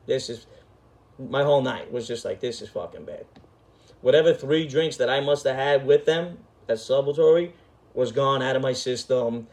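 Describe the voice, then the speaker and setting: Here a middle-aged storytelling host speaks in a medium-pitched, slightly mellow voice at a moderate pace. He delivers his casual story emphatically, with profanity and street-talking flair.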